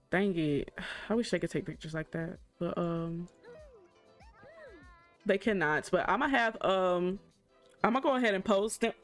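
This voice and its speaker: A woman doing let's play commentary at her desk mic, chatty, excitable and gushing as she talks through her game. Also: medium pitch. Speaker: gaming YouTuber.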